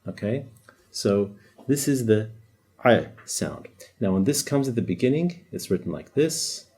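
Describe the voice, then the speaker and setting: A man's voice: on the low side, expressive, measured pace, darkish tone, breathy edge. A man teaching a language lesson, explaining patiently, demonstrating sounds and joking lightly. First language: Arabic. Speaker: Arabic teacher. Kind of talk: casual whiteboard lesson.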